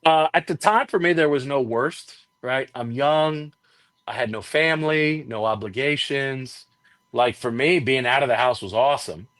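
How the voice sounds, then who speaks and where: Animated male wrestling commentator telling stories. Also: moderate pace, no echo. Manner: animated storyteller, acts out quotes with raised pitch. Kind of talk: casual storytelling interview.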